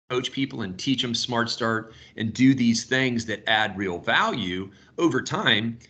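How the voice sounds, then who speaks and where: Man, 50s, sales coach, bright forceful voice, storytelling, casual swearing. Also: mid-range voice. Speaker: sales coach leading a team call. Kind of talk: casual group video call.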